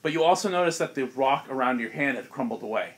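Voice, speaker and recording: A man's voice: medium pitch, lively intonation, fairly bright tone, slight background noise. A young man narrating as game master of a tabletop game with friends, casual and often laughing. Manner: casual, laughs often, quick voice snippets for monsters.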